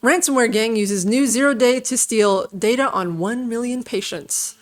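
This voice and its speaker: A woman's voice: fairly high pitch, normal speed. A woman co-hosting a casual tech news show, reading headlines and teasing dryly. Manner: dry, teasing, reads headlines aloud.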